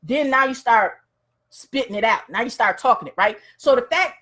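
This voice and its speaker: A woman coach with a high voice gives a motivational talk in loose, everyday speech. She tells stories in a chatty, colloquial manner and keeps checking in with her listeners. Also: expressive, moderate pace, fairly bright tone. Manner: casual, colloquial, storytelling. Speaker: life and business coach.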